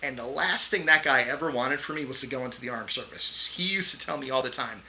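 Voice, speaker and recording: Middle-aged male Navy veteran guest, bright and forceful, animated storyteller who swears casually, faint noise behind. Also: mid-range voice, quick pace, creaky, hardly any pauses, rough recording.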